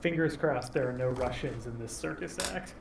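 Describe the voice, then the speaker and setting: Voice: medium pitch, normal speed, gravelly. A player in a tabletop game, making wry, teasing jokes and laughing often. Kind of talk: casual tabletop chat. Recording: echoey room, distant mic, background noise.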